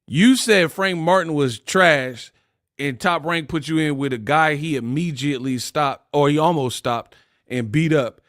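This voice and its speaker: A man's voice: a little high, measured pace, a bit bright, no echo, clean studio sound. A man hosting a casual boxing livestream, laughing often and trash-talking his chat readers.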